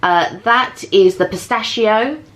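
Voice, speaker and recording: A woman's voice: mid-range voice, takes it slowly, fairly bright tone. A woman co-hosting a food vlog, chatting casually as she describes the pastries. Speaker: vlog co-host. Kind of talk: casual chat.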